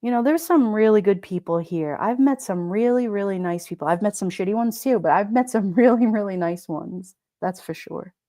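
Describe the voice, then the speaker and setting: A middle-aged woman with a New York Italian accent hosts a relaxed livestream, greeting viewers by name and riffing on their comments. She talks in a mellow, warm tone, and her voice sits close and dry on the mic. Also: medium pitch, moderate pace, hardly any pauses, no echo. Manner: chatty, wisecracking, laughs often. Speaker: livestream host. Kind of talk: casual live chat reading comments.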